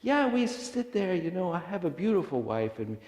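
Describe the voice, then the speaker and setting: A man's voice: lowish voice, big pitch swings, normal speed, mellow. A man voicing a cheerful, chatty old man on a subway who talks in a friendly, disarming way. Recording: echoey hall.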